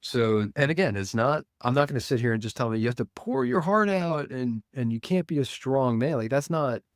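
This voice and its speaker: A man, a men's coach, speaking earnestly and deliberately as a guest in an interview. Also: mid-range voice, lively intonation, no echo, clean studio sound. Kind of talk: reflective interview talk.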